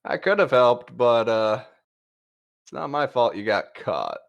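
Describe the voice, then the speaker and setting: A man voicing a calm, unbothered male adventurer with a dry, laid-back manner. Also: mid-range voice, unhurried, creaky, dull audio.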